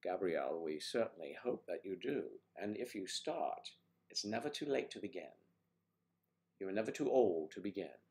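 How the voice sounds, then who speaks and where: A low-pitched older man chats casually on a live stream and answers viewers one by one. He clears his throat a lot and restarts his sentences. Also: big pitch swings, darkish tone. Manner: chatty, halting, frequent throat-clearing.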